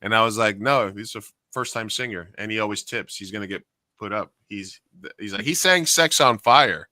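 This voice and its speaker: A man co-hosting a casual podcast, telling an animated story and acting out the voices of the people in it. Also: on the low side, a little fast, no room sound. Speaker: podcast co-host and karaoke host.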